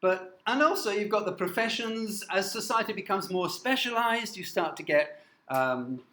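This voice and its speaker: Man from northern England, university lecturer, slightly high voice, halting lecture, echoey room. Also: lively intonation, sharp tone. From Newcastle, north of England. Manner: halting, many fillers and restarts, checks in with "okay?". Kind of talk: classroom lecture.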